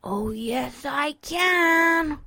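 A clumsy, good-natured young male pony who talks in a sheepish, earnest way , as a woman reads him. His voice sits fairly high and swings freely in pitch, recorded close and dry. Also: expressive, takes it slowly, husky, no room sound, exaggerated voice.

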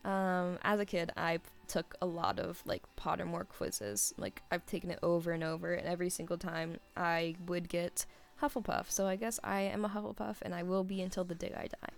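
A woman's voice: fairly low pitch, brisk, vocal fry, hardly any pauses. A young woman in her twenties chatting casually as she answers listener questions, rambling and giggly, with many fillers. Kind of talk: casual chat.

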